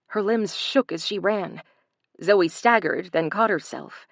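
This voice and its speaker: A woman narrating a thriller audiobook in an even, measured reading style. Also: fairly low pitch, dry recording, clean studio sound. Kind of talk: scripted narration.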